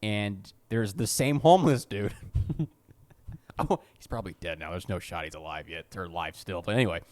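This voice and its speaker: A man's voice: deep voice, normal speed, darkish tone. A young man co-hosting a podcast, rambling through a funny story in casual chat, swearing and laughing. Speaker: podcast co-host.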